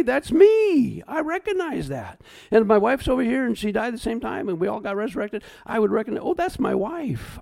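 Animated gravelly preacher man. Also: sits high. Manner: animated, swings between hushed tearful asides and raised emphatic points. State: choked up at times. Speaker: pastor. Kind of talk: sermon.

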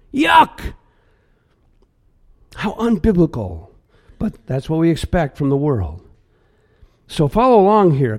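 A man preaching a sermon, emphatic, with sudden loud outbursts and quiet asides. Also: sits high. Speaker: pastor.

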